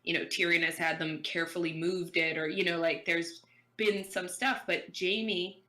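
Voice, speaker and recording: A woman with a bright, forceful voice sitting a little low, co-hosting a casual fan podcast. She rambles through eager recaps and talks things through at length. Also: flat delivery, moderate pace. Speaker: podcast co-host.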